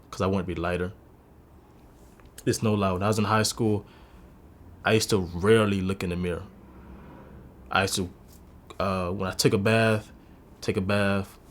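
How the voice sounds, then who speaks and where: A man in his twenties with a very low, deep voice, giving a candid personal testimony. He speaks earnestly and confessionally, and his voice carries a lot of emotion. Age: 20s. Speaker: interviewee sharing a personal story.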